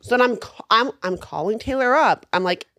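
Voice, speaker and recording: Animated young woman with a lively voice. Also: on the high side, a little fast, dry recording, studio quality. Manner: animated, swearing storyteller. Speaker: podcast co-host. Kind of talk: casual chat.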